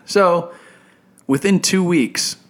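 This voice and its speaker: A man's voice: sits high, takes it slowly. A young man, a podcast co-host, telling a personal story in casual chat and acting out the people he quotes. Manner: animated, acts out quoted people.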